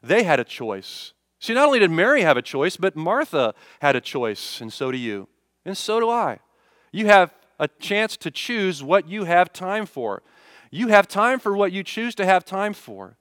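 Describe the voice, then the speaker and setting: A man delivers a sermon in a fairly high voice, firing rhetorical questions and acting out everyday gripes. The sound is dry and close, with little room around it. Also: sing-song, moderate pace, a bit bright, no room sound. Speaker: pastor.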